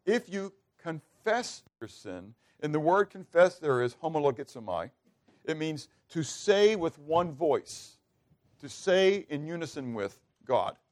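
A man's voice: on the high side, very animated, unhurried. A male pastor preaching a sermon, asking his listeners questions and acting out the prayers he quotes. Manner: asks the congregation questions and acts out quoted prayers.

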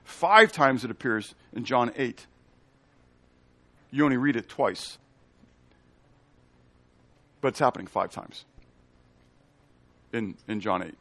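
A man's voice: mid-range voice, lively intonation, takes it slowly, long pauses, fairly bright tone, dry recording. A man preaching a teaching sermon in a conversational way, often checking in with "okay?" and explaining Hebrew and Greek terms. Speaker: pastor.

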